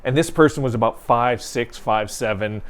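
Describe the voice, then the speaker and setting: Man, local newspaper co-host, casual storytelling, laughs often, medium pitch. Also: normal speed. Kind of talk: casual chat.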